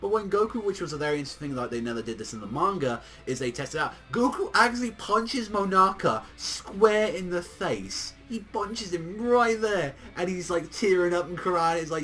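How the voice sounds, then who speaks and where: Excitable slangy young man reviewing anime. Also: high-pitched, moderate pace, few pauses, soft background music. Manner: excitable, slangy, swears often, heavy use of "like". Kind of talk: casual video review.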